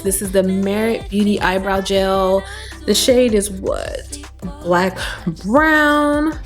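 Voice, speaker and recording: A young woman talks casually through a makeup routine at home, her voice tired and a little raspy. She is chatty and animated and drifts into talk about faith. Soft music plays faintly behind her. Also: medium pitch. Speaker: beauty vlogger. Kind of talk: casual chat while doing makeup. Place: home, new apartment.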